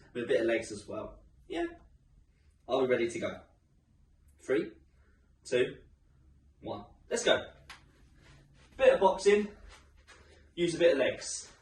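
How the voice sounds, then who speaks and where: A male fitness instructor coaches a home workout in a chatty, encouraging way, his fairly high voice rising and falling in a lively sweep. He sounds slightly out of breath. He's recorded from some distance in an echoey room, with slight background noise.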